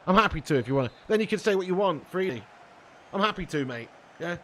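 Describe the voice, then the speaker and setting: Chatty man streaming, higher voice. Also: animated, fast talker, a bit bright, a little hiss or hum. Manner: banters with chat, reads out comments, swears casually. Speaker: live-stream gamer. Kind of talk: casual live-stream chat.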